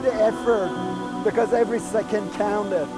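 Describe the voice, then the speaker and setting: A man's voice: high voice, fairly even intonation, rough recording. A middle-aged man from Iran, earnestly recounting events in a documentary interview. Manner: earnest, halting recollection. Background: music.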